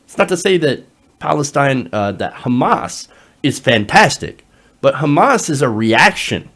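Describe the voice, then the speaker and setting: A man's voice: medium pitch, big pitch swings, measured pace, a bit bright. A man hosting a political commentary show, reading from an article and adding sarcastic asides, with frequent fillers.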